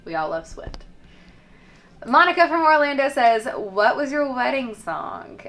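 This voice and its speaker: Faint music plays behind a very animated, high-pitched and somewhat bright woman speaking at a measured pace. A singer from Tennessee, she's reading out fan questions and answering them chattily and cheerfully, leaning on fillers like "um" and "like."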